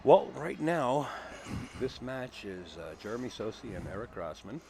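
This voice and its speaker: Lively male pool commentator. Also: medium pitch, normal speed, creaky, a crowd in the background. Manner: chatty, teasing, explains shots. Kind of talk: live play-by-play commentary. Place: booth at a pool hall tournament.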